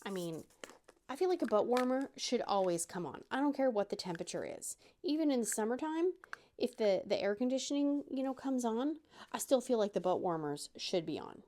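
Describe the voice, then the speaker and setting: A woman's voice: on the high side, animated, fairly quick, mellow, slight background noise. Woman vlogger, chatty crafting host, rambling and self-mocking. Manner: chatty, self-deprecating, rambling with many restarts.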